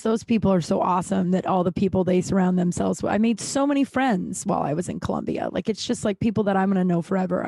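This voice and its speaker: A woman's voice: medium pitch, gravelly, a little mellow, dry recording. Woman, forties, solo podcast host, rambly and frank, casual swearing, dry close mic sound. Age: 40s. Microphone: studio podcast microphone.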